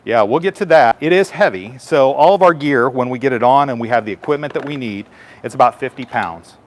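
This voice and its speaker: Patient firefighter explaining gear to kids. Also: male voice, mid-range voice, expressive, fairly quick. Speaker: firefighter giving a station tour. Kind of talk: live demonstration for children.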